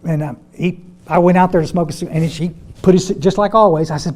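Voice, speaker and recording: A man's voice: high voice, steady tone, fast talker, hardly any pauses, a little mellow. An older man speaking to a recovery group, folksy and repeating words as he tells his story. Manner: folksy, repeats words, addresses audience as y'all. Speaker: AA step study speaker.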